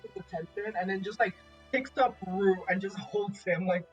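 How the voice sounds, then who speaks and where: A woman playing a tabletop game, chatting casually in a laughing, excitable way. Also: medium pitch, moderate pace, lo-fi sound, faint music behind. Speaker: player.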